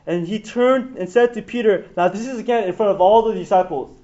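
A man giving a casual Bible teaching to a small group, retelling the story with animated, acted-out quotes and swings in loudness. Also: high-pitched, a little fast, few pauses. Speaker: pastor. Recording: dull lo-fi room recording.

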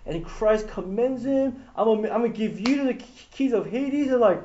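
High-voiced man teaching scripture, lo-fi. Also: normal speed, hardly any pauses. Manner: animated storytelling, acting out quotes with shifting loudness. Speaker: pastor. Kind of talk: casual Bible teaching to a small group. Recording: dull lo-fi room recording.

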